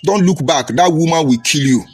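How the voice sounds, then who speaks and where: A man's voice: fairly high pitch, animated, brisk, breathy edge. A man with a Nigerian English accent voicing his elderly father giving stern advice in a raised, sing-song tone. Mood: urgent warning.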